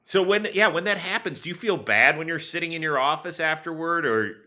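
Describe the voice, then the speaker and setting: A man hosting a casual sports interview, animated and joking as he prompts his guest. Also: fairly high pitch, brisk. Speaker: podcast host.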